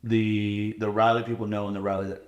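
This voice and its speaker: A man in his thirties talking candidly in a casual interview, animated and acting out voices as he tells stories. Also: fairly low pitch, a little fast, echoey room, dull audio. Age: 30s. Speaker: interviewed contestant.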